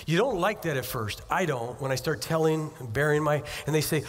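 Male pastor, conversational preacher who acts out asides, slightly high voice, recorded in a reverberant sanctuary. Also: lively intonation, moderate pace, few pauses. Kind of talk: sermon. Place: church sanctuary. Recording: long hall reverb.

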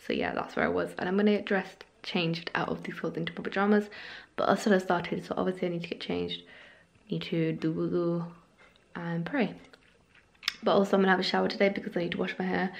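A woman's voice: lowish voice, creaky. A tired young woman, rambling casually to camera in her room at home, a little out of breath. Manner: rambling, chatty, self-deprecating, slightly out of breath. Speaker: vlogger. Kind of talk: casual vlog chat to camera. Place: bedroom at home.

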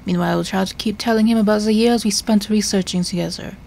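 A woman voicing a formal, earnest male Victorian doctor in a video game, measured and grave. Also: mid-range voice, steady tone, creaky, a little mellow.

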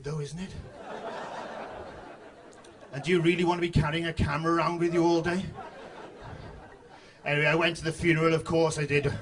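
A married man doing a deadpan stand-up routine on a club stage, dropping quiet asides. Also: a little high, slight background noise. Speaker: stand-up comedian.

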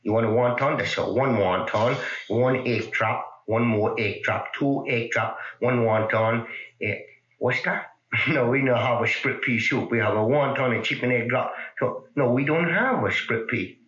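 A man voicing an impatient, snappish restaurant waiter in a 1950s comedy sketch, with a broad put-on accent and yelling at customers. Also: medium pitch, unhurried, reverberant, lo-fi sound, close to an everyday voice. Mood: exasperated. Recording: scratchy old record through camera mic.

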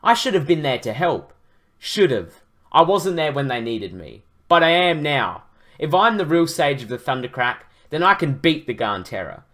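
A man's voice: on the high side, sing-song, moderate pace, a bit bright. A man voicing a panicky, hotheaded young male hero in an overwrought way. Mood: resolute.

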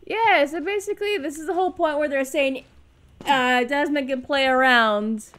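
High, bright woman co-hosting a game. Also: moderate pace. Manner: rambling, giggly retelling. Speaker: let's play co-host. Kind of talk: casual game commentary.

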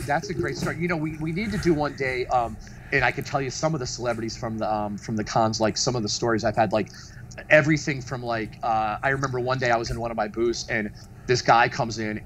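A man's voice: medium pitch, slight background noise. Guy rambling through stories on a podcast, lots of ums and likes, swears a ton, medium voice. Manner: rambling and animated, heavy on fillers and swearing. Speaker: guest, mask artist and studio founder. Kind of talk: casual storytelling chat.

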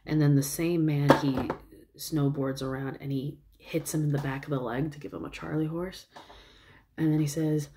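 A woman's voice: sits low, steady tone, unhurried, mellow. A woman vlogger chatting casually, recapping at length with lots of "like" and "um". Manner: rambling recap full of fillers and likes. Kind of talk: casual chat.

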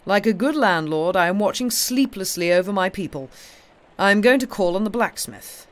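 A woman's voice: medium pitch, lively intonation, moderate pace, close to an everyday voice. A woman reading the lines of a sneering, carelessly cruel older male colonel in an airy, mocking tone, from a storybook.

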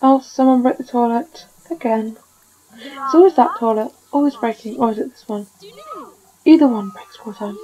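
A gaming video creator gives casual commentary as she plays a life-simulation game, scolding and coaxing her characters like a fussing parent. Her voice is on the high side and warm, at normal speed, with the highs cut off.

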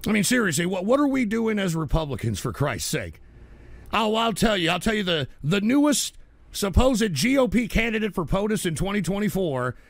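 A man hosting a political livestream show, ranting and swearing and shouting at trolls in the chat. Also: sits high, vocal fry, no echo. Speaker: political talk show host. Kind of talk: angry livestream rant.

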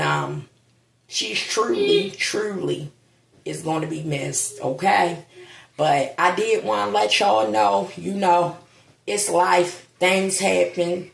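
A grieving vlogger speaks in a low, gravelly voice, slow and heavy yet expressive, holding back tears. She talks bluntly and swears in this casual monologue, with echoey sound like a bare room at home.

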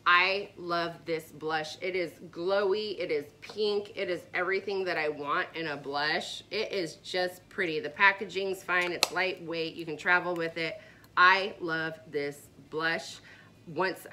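A woman's voice: on the low side, moderate pace, hardly any pauses, sharp tone. A woman vlogger chatting casually and enthusiastically about her favorite products, with rambling asides. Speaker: beauty vlogger.

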